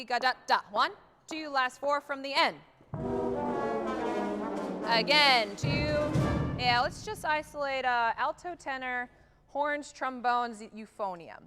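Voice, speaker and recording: A woman conducting a high school band rehearsal, energetic and singing rhythms aloud to demonstrate them. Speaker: guest conductor. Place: large theatre stage. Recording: reverberant hall.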